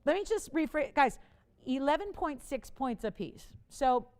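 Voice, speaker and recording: A woman's voice: sits high, animated, a little slow, darkish tone. Chatty woman hosting live jewelry auction. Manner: chatty, playful, laughs often, urges bidders. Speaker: TV shopping host. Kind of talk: live shopping auction pitch. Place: TV studio.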